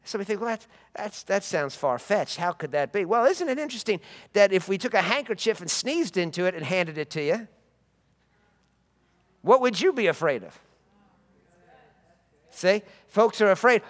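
A man's voice: sits high, very animated, moderate pace, long reverb tail. A man preaching a sermon with emphatic, repetitive phrasing and rising bursts.

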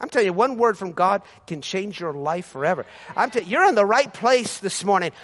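High-voiced fervent male preacher. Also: expressive, brisk. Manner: fervent preaching, rising to shouts of praise. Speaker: pastor. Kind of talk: sermon.

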